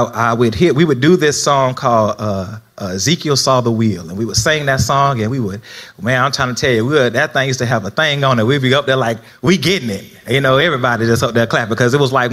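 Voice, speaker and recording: His voice is medium-pitched, brisk and fairly bright as this young South Florida minister preaches. He talks to the congregation conversationally, checking in with them and tossing in laughing asides.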